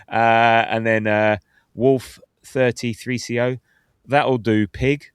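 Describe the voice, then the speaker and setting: A man, hosting a casual football podcast, chatty and quick to laugh as he reads out listener comments. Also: mid-range voice, fairly even intonation, smooth, no echo, studio quality. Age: 50s. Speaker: podcast host.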